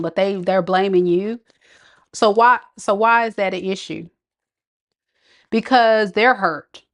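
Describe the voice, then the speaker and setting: A woman's voice: medium pitch, fairly bright tone. A woman giving a live tarot reading, talking casually and reacting to viewer comments. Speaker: tarot reader.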